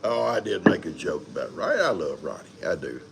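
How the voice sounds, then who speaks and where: A man's voice: extremely low pitch, sing-song, fairly quick, gravelly, very noisy. An older man hosting a live stream, rambling in a folksy way and greeting viewers one by one. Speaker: livestream host. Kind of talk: casual live chat.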